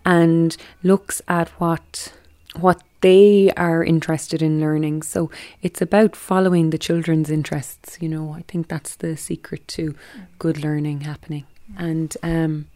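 A woman's voice: low voice, level tone, mellow, dry recording, clean studio sound. A middle-aged woman with an Irish accent, a primary school teacher thoughtfully explaining her views on learning in an interview. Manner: thoughtful, earnest, measured. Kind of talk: reflective interview answers.

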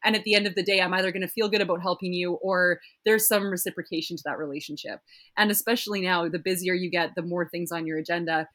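A woman's voice: on the low side, fast. A woman, a tech founder, talking casually and acting out back-and-forth exchanges as she tells stories. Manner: animated storytelling, acts out quoted exchanges. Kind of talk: casual conversation.

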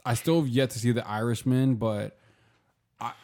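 A man's voice: medium pitch, moderate pace. A man chatting casually on a podcast, telling rambling, profane stories full of "like" and playful asides. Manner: animated, profane storyteller who hedges with "like".

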